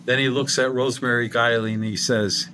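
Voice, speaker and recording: A man's voice: mid-range voice, fairly even intonation, brisk, sharp tone, a little hiss or hum. A middle-aged man, a guest medium on a podcast, telling a long anecdote and acting out the dialogue. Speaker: guest medium and paranormal investigator. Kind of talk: storytelling in a podcast interview.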